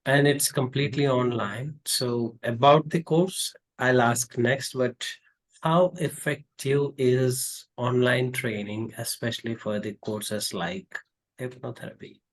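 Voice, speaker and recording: A man's voice: mid-range voice, takes it slowly, rough recording. A man hosting an interview, thanking his guest and asking questions politely. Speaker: interview host.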